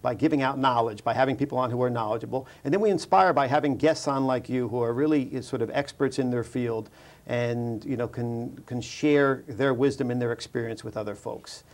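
A man's voice: medium pitch, brisk. Male talk-show host with a mid-range voice, chatty and loose, restarting his sentences often. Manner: chatty, many fillers and restarts. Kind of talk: casual interview chat.

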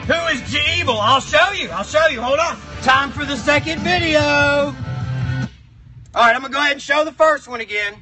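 A man's voice: very high-pitched, normal speed, low-quality recording. A man doing a crude, roaring box monster. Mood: shouty. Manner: shouty, crude, roaring, mock-outraged rants. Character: crude foul-mouthed box monster, male, grumpy. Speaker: live stream host. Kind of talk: live stream chat in character. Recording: music playing behind the voice.

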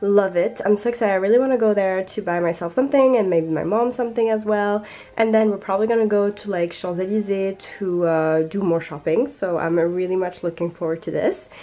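A woman's voice: medium pitch, fairly quick, mellow, lo-fi sound. A young woman vlogging casually to a handheld camera, chatty and full of fillers, sick with a heavy cold. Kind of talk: casual vlog talk to camera.

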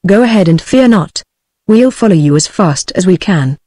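A woman's voice: medium pitch, expressive, moderate pace, warm tone, no room sound, natural voice. Nervous polite traveller, read by a synthetic British woman. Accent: British English.

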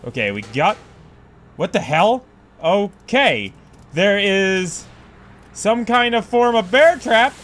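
A man doing let's play commentary, loud and profane, yelping and laughing as he plays. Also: high-pitched, expressive, slow pace, long pauses. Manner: loud, profane, yelps and laughs while playing. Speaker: gaming YouTuber. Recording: faint background noise.

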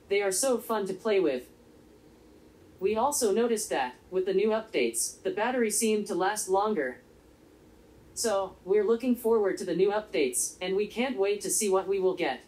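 This is a synthetic, female-sounding robot voice with a monotone delivery. It narrates a scripted review in formal, polite phrasing, keeping an even pace at a middle pitch. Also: moderate pace, poor audio.

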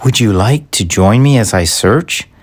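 A man voicing a kind, cheerful female hedgehog in a storybook reading, raising his voice and pitch for her. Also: expressive, measured pace. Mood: friendly, eager. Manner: eager, friendly, raised pitch.

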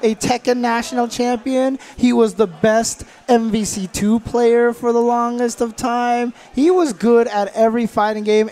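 A man doing live fighting game commentary, chatty and excitable, laughing often and restarting his sentences. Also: extremely high pitch, unhurried, hardly any pauses.

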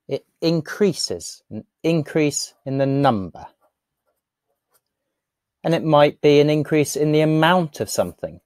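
A woman's voice: low voice, animated, a little slow, darkish tone, no echo, clean studio sound. A woman teaching a word in a patient, playful tutorial, repeating it often for learners. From England. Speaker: speech and language teacher.

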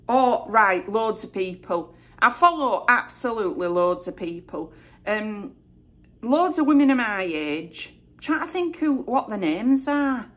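A middle-aged woman from Bradford, England, speaks a little slowly in an animated, slightly bright voice on the high side. In her West Yorkshire accent, she rambles through a casual Q&A vlog, chatty and self-correcting.

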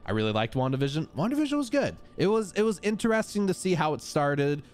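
A man's voice: on the high side, sing-song, fast talker. A man hosting a live gameplay stream, chatting upbeat with his viewers and greeting them casually.

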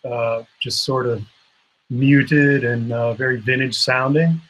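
A man's voice: mid-range voice, steady tone, slow pace, a bit bright, poor audio. Eager man asking questions on a call. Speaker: fellow drummer asking questions. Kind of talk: casual chat. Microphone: video call.

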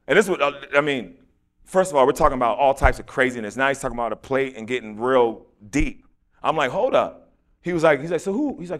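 A man's voice: a little high, lively intonation, a little fast. A man preaching, telling a personal testimony with acted-out quotes and closing in fervent, repetitive prayer. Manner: storytelling, acting out quoted voices.

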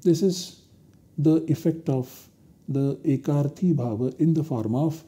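A man giving a university lecture, explaining step by step in a slow, deliberate way. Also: a little high, mellow. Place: recorded lecture studio.

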